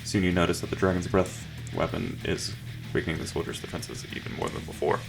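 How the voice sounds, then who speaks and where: A man's voice: low-pitched, fairly even intonation, brisk, creaky, music in the background. A man reading an improvised story game aloud, with dry, joking asides. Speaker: gamer narrating a text adventure.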